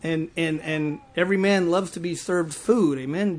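A man's voice: a little high, steady tone, moderate pace. A male preacher giving a sermon to a live congregation, telling stories with stumbling restarts and teasing laughs.

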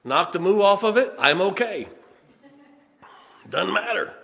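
A man, preaching a sermon in a folksy storytelling way, with punchy asides and slow, stressed points. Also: high voice, lively intonation, creaky, fairly bright tone. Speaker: pastor. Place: church sanctuary. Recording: long church reverb.

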